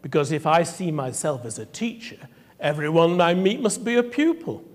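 A man speaking to clergy in a reflective sermon-style talk, wry and measured, telling anecdotes. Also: a little high, lively intonation. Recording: echoey hall from afar.

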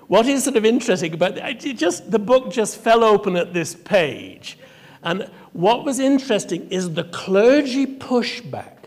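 A man speaking to clergy in a reflective sermon-style talk, wry and measured, telling anecdotes. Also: high voice. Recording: echoey hall from afar.

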